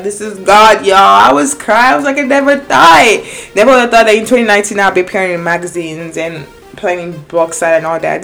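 An excitable young woman chats to her viewers about her own life, and her voice sits a little low. She tells it in an animated way, restarts often and acts out both sides of conversations. Faint music plays behind her. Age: young adult. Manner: animated, excitable, many restarts and quoted dialogue. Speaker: vlogger. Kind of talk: casual personal storytelling to viewers.

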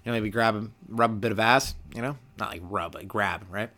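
A young man from Canada hosting a solo comedy podcast, rambling loosely, swearing freely and acting out quick little voices for the people in his stories. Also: lowish voice, sharp tone. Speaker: podcast host, stand-up comedian.

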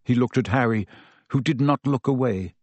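A man reading a story aloud as narrator, in an expressive and dramatic style. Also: mid-range voice, moderate pace, dry recording. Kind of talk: audiobook narration.

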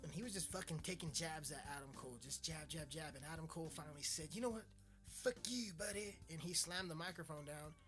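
Crude rambling man over loud music. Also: on the high side, fairly even intonation, quick pace, hardly any pauses. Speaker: podcast host. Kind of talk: casual profane rant.

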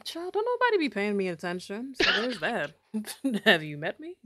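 A woman's voice: medium pitch, wildly swooping pitch, moderate pace, bright, forceful tone. A woman co-hosting a casual podcast chat, teasing her partner with dry wit on a studio microphone. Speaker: podcast co-host.

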